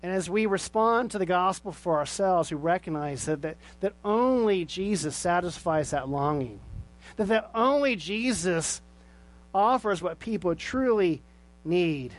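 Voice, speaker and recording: A man's voice: sits high, expressive, a little slow. A man preaching a sermon with earnest rhetorical questions, then leading a closing prayer. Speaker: pastor.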